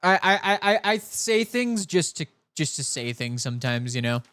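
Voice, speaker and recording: Young male streamer from California with a light cowboy drawl, keeps restarting his sentences, voice sits a bit high, dry close mic. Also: sing-song, normal speed, pushed and bright, clear, resonant tone, dry recording. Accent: soft put-on Southern cowboy drawl. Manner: rambling, chatty, self-interrupting. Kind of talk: casual live-stream chat while gaming.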